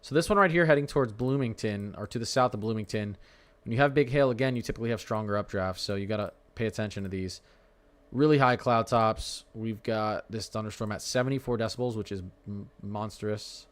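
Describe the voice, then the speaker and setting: A young man hosts a live weather stream, talking through radar warnings in a chatty, rambling way and stumbling over place names. His voice is fairly low and a little fast.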